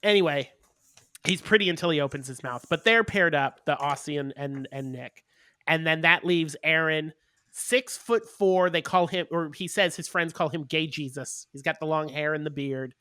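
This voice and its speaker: A man's voice: on the high side, normal speed, sharp tone, clear, resonant tone, no echo, studio quality. A man co-hosting a podcast in casual chat, recapping with lots of ums and uhs. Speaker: podcast co-host.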